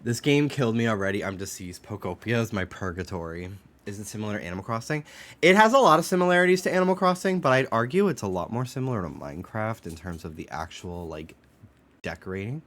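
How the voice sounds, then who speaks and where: A man's voice: fairly low pitch, fast talker. Chatty man streaming a game. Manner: chatty, relaxed, swears casually. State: stuffed up nose. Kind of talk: casual gameplay commentary, reading game text aloud.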